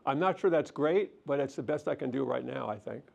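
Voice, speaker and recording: A middle-aged man, a counselor, giving a relaxed lecture and answering audience questions in a gentle, self-deprecating way. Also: medium pitch, brisk, creaky, dull audio. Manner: gentle, self-deprecating, thinks aloud with restarts. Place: lecture hall.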